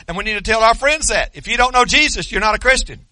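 Male pastor, high bright voice, emphatic repetitive preaching. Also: lively intonation, fast, no echo. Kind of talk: sermon.

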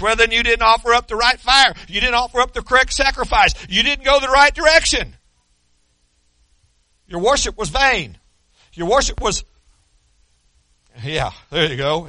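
Emphatic high-voiced male preacher. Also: expressive, moderate pace, pushed and bright, dry recording. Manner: emphatic, repetitive preaching cadence. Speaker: pastor. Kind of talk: sermon.

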